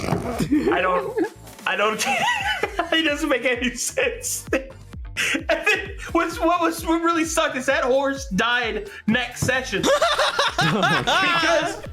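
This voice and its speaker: Animated man storyteller, lively pitch, bright voice, laughs a lot. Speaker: game master. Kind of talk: casual storytelling chat.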